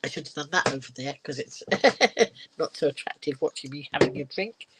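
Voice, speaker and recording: A woman's voice: low-pitched, animated, normal speed, very noisy. An older woman reads a children's picture book aloud, in the manner of a grandmother at bedtime. She keeps stopping for chatty side remarks to her audience. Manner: chatty asides, laughs often. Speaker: storyteller and live streamer.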